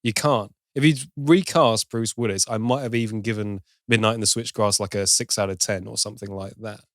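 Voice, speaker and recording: A man's voice: fairly low pitch, steady tone, fairly quick, no room sound, studio quality. A man co-hosting a film podcast, chatting casually, swearing and laughing at bad films. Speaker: podcast co-host.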